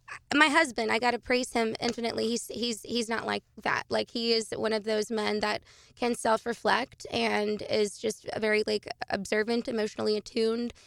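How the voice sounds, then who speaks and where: A woman's voice: a little high, gravelly, fairly bright tone, dry recording, studio quality. A young adult woman, a podcast guest, talking casually and animatedly with frequent laughter and fillers.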